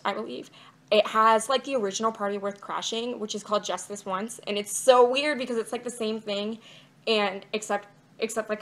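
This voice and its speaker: A woman's voice: medium pitch, fairly bright tone. Chatty young woman rambling to camera. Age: young adult. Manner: rambling and chatty, many fillers like "like" and "um". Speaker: vlogger. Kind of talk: casual chat to camera. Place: indoors, outside her bedroom.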